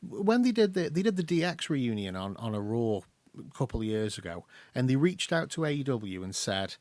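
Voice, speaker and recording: A man with an English accent co-hosting a podcast, chatting casually and acting out quotes in quick bursts. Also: medium pitch, big pitch swings, a little mellow, dry recording. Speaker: podcast co-host. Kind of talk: casual chat.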